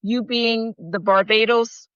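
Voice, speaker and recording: A woman's voice: on the high side, fairly even intonation, slow, clear, resonant tone, no echo. A woman, reassuring and telling a story in casual conversation. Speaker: podcast participant. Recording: dull lo-fi.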